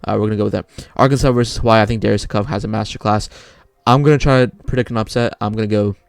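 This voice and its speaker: A man's voice: lowish voice, steady tone, racing, vocal fry, clear, resonant tone, no echo. A young man casually talking through his bracket picks, rambling and often correcting himself. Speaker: sports video creator.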